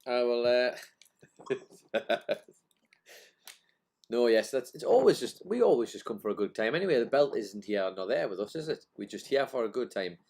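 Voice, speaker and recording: A man's voice: medium pitch, sing-song, moderate pace, a little mellow. A young man co-hosting a live stream, joking with dry, self-deprecating humour. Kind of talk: casual live stream chat.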